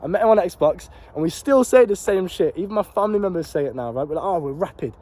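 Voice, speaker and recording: Fast-talking young man, slangy. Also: high voice. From Britain. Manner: animated and swearing, slangy and repetitive. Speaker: vlogger and life coach. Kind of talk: casual motivational monologue.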